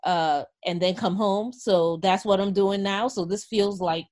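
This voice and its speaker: A woman's voice: medium pitch, fairly even intonation, unhurried, a little mellow. A woman co-hosting a casual group podcast, blunt and joking, swearing freely. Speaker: podcast co-host.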